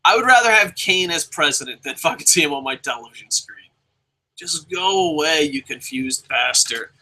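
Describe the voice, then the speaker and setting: A young man giving a casual, profane review of a wrestling show, animated and mocking. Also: on the high side, normal speed, low-quality recording. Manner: profane, animated, mocking with shouted put-on voices.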